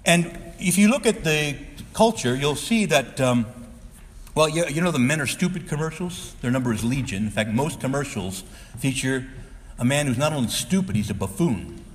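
A man's voice: medium pitch, expressive, moderate pace, in a large hall, a little hiss or hum. A male Catholic priest preaching a sermon, earnest and exhorting, sometimes pleading with his listeners.

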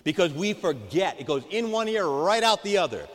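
A man preaching a sermon as a priest, emphatic, swinging between loud outbursts and hushed asides. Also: high voice, sing-song, normal speed. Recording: long church reverb.

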